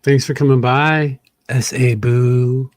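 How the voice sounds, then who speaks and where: A man's voice: medium pitch, level tone, takes it slowly, a little mellow, no room sound. A man joining a casual panel chat as a guest, playful and jokey.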